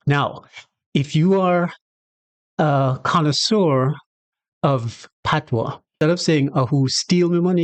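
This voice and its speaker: A relaxed man with a Jamaican accent talks through a casual patois lesson at a mid pitch. He wanders into small acted-out scenarios as he explains. The sound is dry and close, with no room around it. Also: no room sound. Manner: relaxed, chatty, acts out little scenarios with quoted voices. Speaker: channel host teaching patois.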